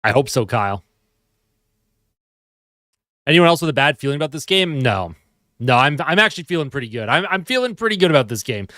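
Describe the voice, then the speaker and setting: A man's voice: medium pitch, sing-song, brisk, long pauses, pushed and bright, dry recording, clean studio sound. A man hosting a casual live fan stream, chatting and answering viewer comments while sleepy and yawning at home. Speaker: livestream host.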